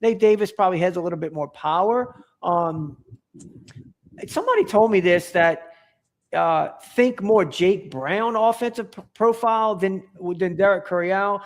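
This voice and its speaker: A man's voice: high-pitched, unhurried. A man talking as a podcast guest in casual chat, rambling and enthusiastic, with many restarts and fillers.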